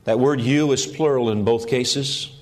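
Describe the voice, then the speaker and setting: A man's voice: mid-range voice, steady tone, a little slow, darkish tone. Earnest man preaching a sermon. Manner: earnest preaching with rising emphasis on key phrases. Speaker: pastor.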